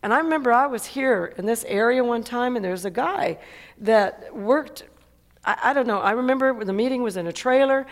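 A woman's voice: fairly high pitch, brisk. A woman preacher delivering an emphatic sermon, repeating phrases and asking "Amen?" often. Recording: long hall reverb.

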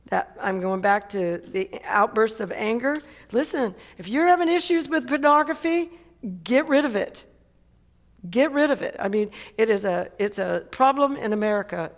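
A woman preacher delivering an emphatic sermon, repeating phrases and asking "Amen?" often. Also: a little high. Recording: long hall reverb.

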